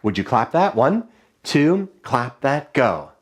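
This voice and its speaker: A male music teacher leading children through rhythm dictation, chanting rhythm syllables in a high sing-song and giving clear, encouraging call-and-response instructions. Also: sing-song, takes it slowly, very noisy. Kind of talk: online music lesson for children.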